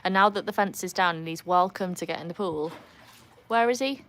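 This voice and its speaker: Welsh woman streaming by her pool, lowish voice, chatty and laughing, phone mic, faint outdoor hum. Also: fairly quick, fairly bright tone. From North Wales. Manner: chatty, laughs often, talks to her dogs in a higher voice. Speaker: livestream host. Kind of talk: casual live-stream chat.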